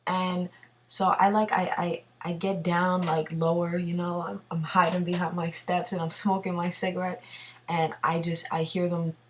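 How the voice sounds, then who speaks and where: A young woman tells a story in a rambling, profane, animated way, sitting at a computer in her home bathroom. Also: on the low side, moderate pace, distant mic, slight background noise. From New York City. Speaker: vlogger. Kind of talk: casual storytelling. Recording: voice from away from the mic.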